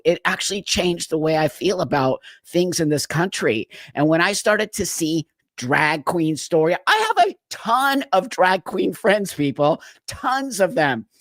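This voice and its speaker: A man's voice: a little high, dry recording. Earnest middle-aged man, dry close sound. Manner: earnest, repetitive, emphatic. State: voice cracking with emotion. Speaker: host of a live stream. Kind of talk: emotional live-stream monologue.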